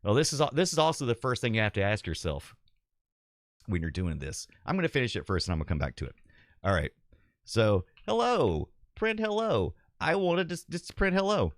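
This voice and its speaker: Animated man hosting a casual livestream. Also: fairly low pitch, moderate pace, pauses often, no echo, studio quality. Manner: animated, chatty, laughs often, reads viewer comments aloud. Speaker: livestream host. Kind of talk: casual livestream chat with viewers.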